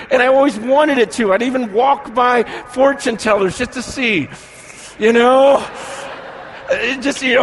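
A middle-aged man preaching a sermon as pastor, animated, swinging from soft asides to shouting. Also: high voice, normal speed, a little hiss or hum.

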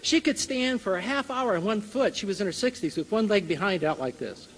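A man's voice: sits high, fairly quick. An older man telling a personal story to a church audience, chuckling and acting out scenes as he speaks. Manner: lively storyteller who chuckles and acts out the scene. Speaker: Bible college teacher and speaker. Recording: long reverb of a large hall.

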